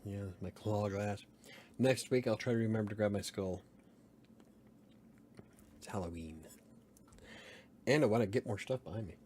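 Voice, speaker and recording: A man's voice: fairly low pitch, moderate pace, long pauses, a little mellow, slight background noise. A man hosting a casual late-night livestream, rambling, chuckling and answering chat comments. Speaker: livestream host.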